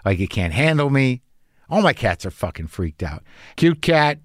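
A man's voice: mid-range voice, very animated, moderate pace, dry recording, studio quality. A man telling a rambling, anxious story in a casual monologue, swearing and restarting often, as a podcast host.

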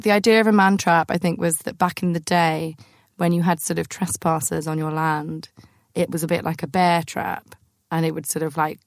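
She is a young woman hosting a podcast, sitting a little low in her register. She tells stories with animated, self-mocking humor. The recording is close and dry. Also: dry recording. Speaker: podcast host. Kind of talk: chatty storytelling.

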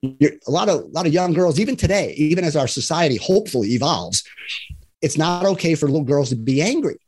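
This divorce and love coach has a fairly high, darkish, slightly rough voice and talks fast and expressively. On a relaxed podcast he earnestly explains his points, voices other people in his examples, and tags lots of sentences with "right?"

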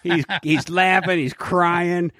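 A man co-hosting a casual podcast, telling stories in an animated, profane way. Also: high voice, slow pace, no echo, studio quality.

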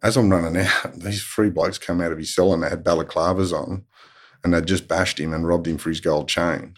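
A middle-aged Australian man with a low, steady, slightly rough voice speaks briskly. He's a guest casually telling prison stories in a blunt way, swearing freely.

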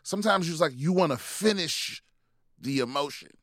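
A man's voice: fairly high pitch, lively intonation, brisk, fairly bright tone, no echo, clean studio sound. A man co-hosting a podcast, telling stories in a rambling, profane way with many restarts. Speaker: podcast co-host. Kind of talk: casual chat.

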